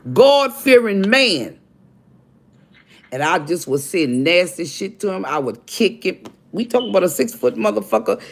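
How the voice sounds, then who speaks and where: An older woman with a low, creaky voice hosts a livestream, telling her viewers a personal story with bluntness and plenty of profanity. She speaks straight to them, calling them "y'all," in a confessional, storytelling style.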